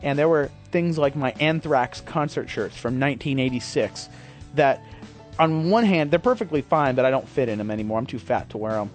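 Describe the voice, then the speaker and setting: A podcast host, a man with a medium-pitched, expressive voice, talks briskly through a rambling, self-deprecating monologue and swears freely. Faint music plays behind him.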